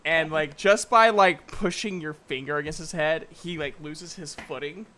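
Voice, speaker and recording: A man narrating as game master of a tabletop game, halting with many fillers and giggles. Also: a little high, sharp tone, a little hiss or hum.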